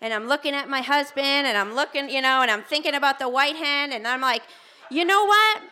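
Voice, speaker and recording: An American woman tells a personal story live on a theater stage, animated and self-mocking. Her voice is bright and set a little high, and she throws herself into acting out each quoted line. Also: fast. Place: theater stage before an audience.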